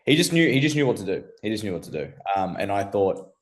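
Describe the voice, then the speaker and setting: A man's voice: lowish voice, very animated, fast talker. A young man being interviewed, laid-back and slangy, calling people bro. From Australia. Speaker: amateur MMA fighter guest. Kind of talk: casual interview chat.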